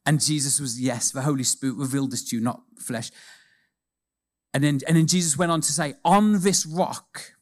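A man preaching a sermon in a church, telling a personal story with animated delivery that moves between hushed and emphatic moments. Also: medium pitch, brisk.

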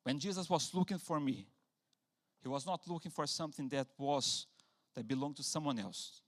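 A man preaching a sermon in a church, animated, acting out quotes with sudden loud bursts. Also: on the high side, normal speed. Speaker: pastor.

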